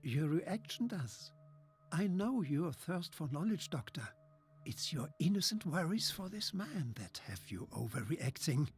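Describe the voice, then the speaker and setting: A scheming male doctor who talks down to everyone in a silky, patronizing way with a faint German accent. His voice sits fairly high for a man and rises and falls in lively swoops. There is faint music underneath. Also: unhurried. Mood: smug. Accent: slight German. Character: smug scheming male mad-scientist doctor. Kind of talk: video game voice acting.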